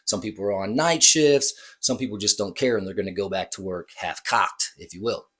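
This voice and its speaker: A man's voice: lowish voice, a little fast, a bit bright, husky. A man who works as a bartender, casually telling a story in a rambling, hesitant way and correcting himself.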